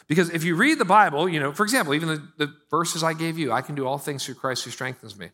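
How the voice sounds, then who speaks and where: A male pastor in middle age delivers a sermon like a conversation. His tone is bright and a bit high for a man. He swings from hushed asides to louder, animated stretches. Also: fast talker.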